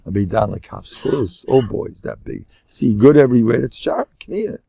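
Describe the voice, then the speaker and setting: A man's voice: mid-range voice, normal speed, vocal fry, dark tone, no room sound. An older man, a rabbi teaching a class, lecturing live to an audience in a joking way and sprinkling in Yiddish and Hebrew terms.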